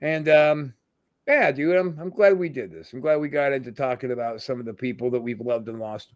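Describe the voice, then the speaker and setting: A man's voice: mid-range voice, a little fast, no room sound, clean studio sound. A middle-aged man hosting a casual podcast, telling profane stories and quoting people in their voices. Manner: profane, storytelling with quoted voices. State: throat tightening with emotion. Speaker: podcast host.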